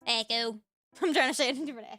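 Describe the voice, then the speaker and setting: A woman's voice: high voice, rapid-fire, a bit bright, soft background music. An American woman with a Valley Girl accent, chatting casually on a live stream and giggling as she reads chat. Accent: Californian Valley Girl. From United States. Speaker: VTuber streamer.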